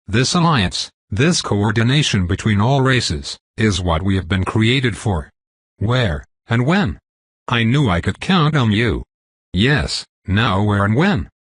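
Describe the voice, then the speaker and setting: A man's voice: fairly low pitch, animated, slow, slightly rough, no room sound, exaggerated voice. A man voicing an eager, earnest young male leader in a fantasy audiobook.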